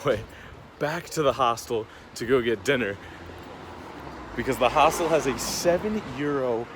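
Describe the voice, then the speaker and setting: A man's voice: medium pitch, noisy background. A young man vlogging while walking around a city, chatty and self-mocking as he talks to a handheld camera. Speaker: travel vlogger. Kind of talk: casual vlog to camera.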